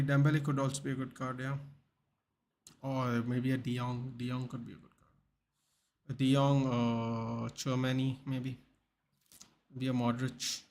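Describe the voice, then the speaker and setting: A man's voice: medium pitch, a little mellow, a little hiss or hum. A young man hosting a live football watchalong, chatting casually, reading the chat and retelling clips in a rambling way. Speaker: live stream watchalong host.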